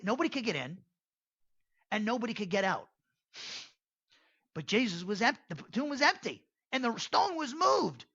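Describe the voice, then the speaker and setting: A man's voice: sits high, fairly bright tone, no echo, muffled recording. A man teaching an evening Bible study in a casual, digressive way, with restarts and asides.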